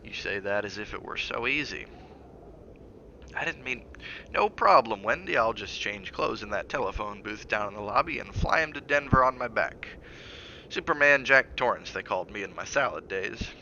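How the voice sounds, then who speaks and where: Man playing a sarcastic short-tempered husband, bright tense tone, faint hiss. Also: lowish voice, expressive, dull audio, full character voice. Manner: sarcastic, clipped, then measured and soft.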